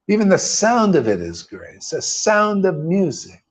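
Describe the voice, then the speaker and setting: A man's voice: sits high, huge pitch swings, normal speed. A man preaching informally to a small group as a spiritual teacher, emphatic and casual, with blunt, mocking asides and swearing. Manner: emphatic and casual, often calls listeners "man".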